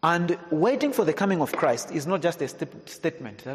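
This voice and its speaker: A male pastor preaches a sermon in a church. He swings between hushed, low passages and raised, emphatic preaching. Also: sing-song, fairly quick. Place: church hall. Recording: long hall reverb.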